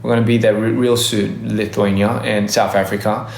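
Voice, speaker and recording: A man chatting casually to fans on a livestream, giving rambling shout-outs with many restarts. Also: lowish voice, level tone, moderate pace, creaky, roomy sound, slight background noise. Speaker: livestreaming artist. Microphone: phone.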